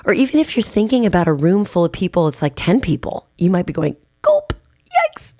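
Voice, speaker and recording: A woman's voice: lowish voice, expressive, fast talker, warm tone, dry recording, clean studio sound. A woman hosting a podcast and coaching on public speaking, telling stories in an emphatic, chatty way with casual asides. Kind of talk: conversational podcast monologue.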